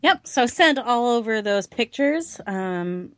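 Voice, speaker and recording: A woman's voice: a little high, expressive, slow, a bit bright, dry recording, studio quality. A woman co-hosting a podcast, chatting casually with fillers and frequent laughter. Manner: rambling, laughs often. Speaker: podcast co-host. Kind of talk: casual group chat.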